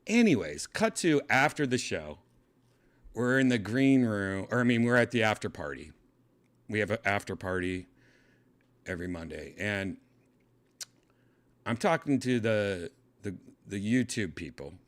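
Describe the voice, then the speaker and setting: A man hosting his show with a casual, rambling monologue. His voice sits low but swings widely in pitch, and he often restarts his sentences and breaks into high mimicking voices. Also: sing-song, unhurried, pauses often. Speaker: podcast host.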